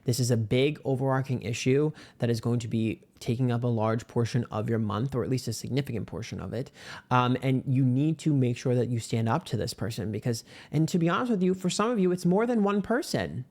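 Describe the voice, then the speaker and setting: A man reads tarot cards in a loose, chatty way, at a middle pitch for a man. He is brash and sassy and swears freely. His voice leaps high whenever he wants to hammer a point home. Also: fairly quick, darkish tone. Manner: swings into sudden high-pitched emphasis. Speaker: tarot reader. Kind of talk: casual pick-a-card tarot reading.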